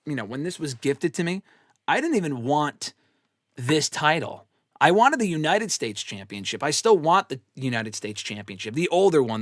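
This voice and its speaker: A man's voice: mid-range voice, no echo. Rambling, profane man on a dry mic. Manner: rambling, profane, self-deprecating storytelling. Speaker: wrestling show host answering fan questions. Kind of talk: casual livestream chat.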